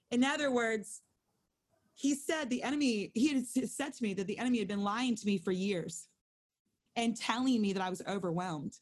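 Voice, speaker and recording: A woman's voice: a little high, moderate pace. A woman in her thirties sharing a personal testimony in casual talk over a video call, acting out her own thoughts in quotes as she goes. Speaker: Bible study co-leader.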